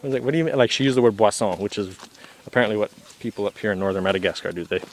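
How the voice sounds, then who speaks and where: A man's voice: lowish voice, very fast, a little hiss or hum. A young man, a travel vlogger, telling a story in a casual, laid-back way, full of "like" and acted-out quotes.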